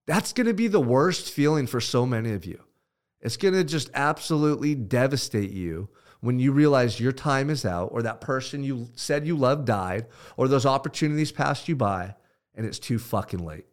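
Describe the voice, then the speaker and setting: A man's voice: lively intonation, moderate pace. Intense, emphatic male motivational speaker. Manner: intense and emphatic, swinging from loud pushes to low hushed stretches; blunt, with swearing. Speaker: podcast host. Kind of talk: motivational pep talk.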